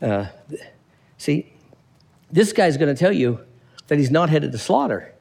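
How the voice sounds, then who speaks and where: A man delivers a sermon with a somewhat high, very lively voice that leaps up and down as he works through a scripture passage. He slips into quick character voices to act out the people in the text. His voice rings with the long reverb of a large hall. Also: vocal fry. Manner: animated, acts out characters, reads scripture aloud. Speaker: preacher.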